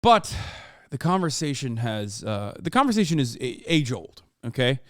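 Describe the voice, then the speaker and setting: Streaming casual reaction commentary, a man in his thirties rambles with many fillers and restarts, swearing and sometimes bursting out in exasperation. His mid-range voice is fairly bright with big pitch swings at a moderate pace, in a dry, studio-quality recording.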